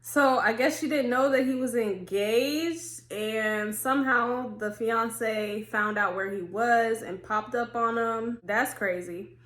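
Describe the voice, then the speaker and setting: A woman's voice: fairly high pitch, slow, few pauses, a bit bright. Chatty woman host in an echoey room. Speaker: host reacting to videos. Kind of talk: casual reaction commentary.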